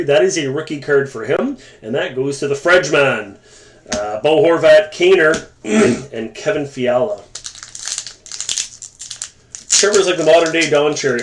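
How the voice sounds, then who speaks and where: A man hosting a live sports card break, calling out cards and joking with viewers in the chat. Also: mid-range voice. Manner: chatty, joking asides to viewers. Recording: echoey room with faint noise.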